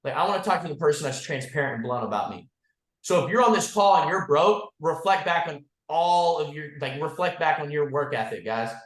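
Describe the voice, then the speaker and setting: A man's voice: on the high side, brisk, fairly bright tone, reverberant. Blunt, profane man on a team call. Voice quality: blunt, profane, says "like" and "guys" often. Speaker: insurance agency leader. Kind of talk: motivational team call talk.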